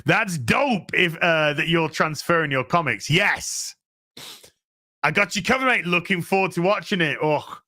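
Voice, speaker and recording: A man hosting a livestream, reading out superchats in an animated, sweary way with quick asides. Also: a little high. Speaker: streamer host.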